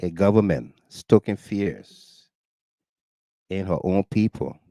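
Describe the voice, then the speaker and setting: A Liberian man narrates over video footage in an urgent, indignant tone, repeating his points for weight. His delivery is slow and deliberate, and the recording sounds close and dry. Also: deep voice, expressive, warm tone, dry recording. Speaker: host commenting on video clips. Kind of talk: talk-show commentary.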